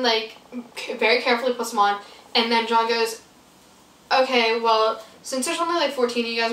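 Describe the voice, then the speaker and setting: A woman's voice: fairly high pitch, fairly bright tone, slight background noise. Chatty young woman vlogger, roomy echo. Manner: rambling, filler-heavy, acts out quotes. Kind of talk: casual storytime chat. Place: bedroom. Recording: roomy echo, mic a bit far off.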